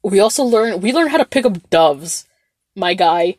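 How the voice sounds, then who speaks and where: A woman's voice: medium pitch, moderate pace, no echo, clean studio sound. A young woman telling a story in a casual vlog, rambling and swearing, with lots of fillers and restarts. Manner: rambling, profane, animated storytelling with many fillers.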